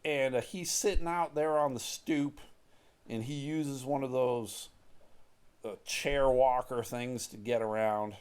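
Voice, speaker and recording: A man's voice: medium pitch, fairly even intonation, slow pace, darkish tone, clean tone. A man in a casual, rambling monologue, joking and swearing freely as he tells a neighborhood story. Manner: profane, joking, self-mocking.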